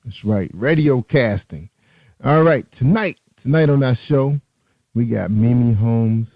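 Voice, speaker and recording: A man's voice: medium pitch, lively intonation, a little slow, no echo. A man hosting an online radio interview show, chatting loosely and correcting himself as he goes. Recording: tinny phone-line sound.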